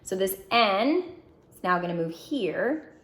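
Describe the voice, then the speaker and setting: A woman teaching a phonics lesson, drilling syllables slowly and clearly with encouraging prompts. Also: mid-range voice, sing-song. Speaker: reading teacher. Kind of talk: phonics lesson to young students.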